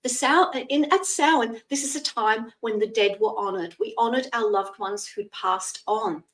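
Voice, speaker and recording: Woman in her 60s, live-stream psychic host: chatty and explanatory, slightly high pitch, recorded a bit off-mic. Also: normal speed, a bit bright, distant mic, poor audio. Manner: chatty, thanks viewers by name, explains traditions.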